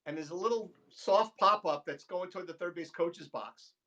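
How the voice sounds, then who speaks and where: A high-voiced man co-hosting a casual sports chat show. He tells lively stories and slips into quick impressions of the people in them. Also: dull audio. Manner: animated storyteller, mimics voices. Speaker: podcast co-host.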